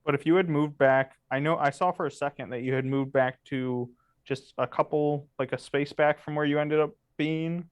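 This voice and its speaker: A man, a game player, recapping his moves in a relaxed, matter-of-fact way during a post-game interview over an online call. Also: a little high, moderate pace, hardly any pauses, clean tone, no room sound.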